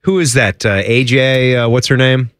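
A man's voice: mid-range voice, a bit bright, no room sound, studio quality. A man co-hosting a sports radio show, bantering casually with his partner, joking and laughing often as he tells stories. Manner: jokey, laughs often, quick asides.

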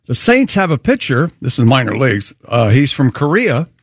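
A man's voice: medium pitch, sing-song, normal speed, dry recording, clean studio sound. A man co-hosting a morning radio show, upbeat, reading out listener emails and bantering. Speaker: co-host.

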